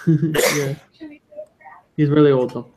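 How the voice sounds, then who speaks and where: A man's voice: fairly high pitch, steady tone, slow pace, a loud crowd. A man co-hosting a casual talk show, chiming in with hesitant remarks. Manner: hesitant, tentative interjections. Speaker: co-host.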